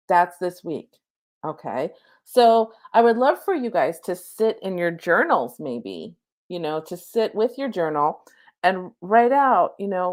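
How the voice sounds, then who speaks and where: Woman with a low voice doing a chatty, gentle spiritual coaching talk, lots of "okay?" asides. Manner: leads a slow counted breathing meditation. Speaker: spiritual coach giving an oracle card reading. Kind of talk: casual spiritual guidance talk.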